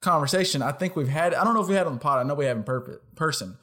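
A man's voice: fairly high pitch, animated, rapid-fire, a bit bright. A young man co-hosting a podcast in casual chat, talking in a loose, self-correcting way and laughing often. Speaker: podcast co-host.

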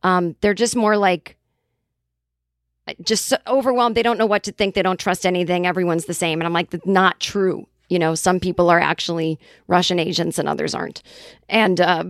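A woman's voice: fairly low pitch, steady tone, normal speed, no room sound, clean studio sound. A woman comedian from the Boston area, telling a rambling, profane story in casual chat with lots of quoted voices. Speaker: comedian and writer.

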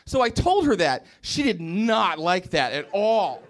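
A stand-up comedian from West Virginia works a comedy club crowd in a rambling, self-deprecating set. His voice sits high and swings widely in pitch, and he drops into playful put-on voices for his bits. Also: very animated, a little slow.

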